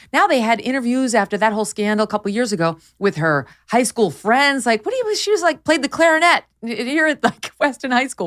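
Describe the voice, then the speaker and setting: A woman hosting a talk show, chatting in a mocking, incredulous way and laughing often. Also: medium pitch. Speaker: show host. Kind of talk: casual commentary chat.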